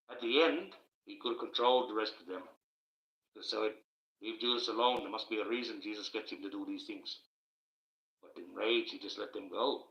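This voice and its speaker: On the low side and pushed with a bright edge, this man's voice carries a late-night home livestream. As host, he rambles emphatically and thanks the viewers in his chat, and the audio is roomy, dull and lo-fi.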